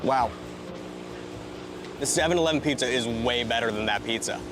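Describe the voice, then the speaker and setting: A man's voice: mid-range voice, moderate pace, noisy background. A man giving blunt, profane, jokey food reviews in a casual vlog, recorded outdoors. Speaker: food reviewer in a played video.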